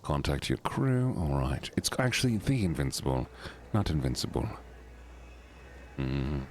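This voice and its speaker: A man's voice: very deep voice, big pitch swings, a little slow, darkish tone, a little hiss or hum. A man streaming a video game, joking with his chat and reading the game's text aloud. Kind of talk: casual livestream commentary.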